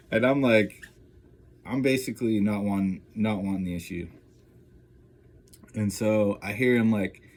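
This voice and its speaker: Low-voiced man rambling through a story. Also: darkish tone. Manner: rambling, filler-heavy, keeps checking in with "right?" and "you know?". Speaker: vlogger. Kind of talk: casual first-person storytelling.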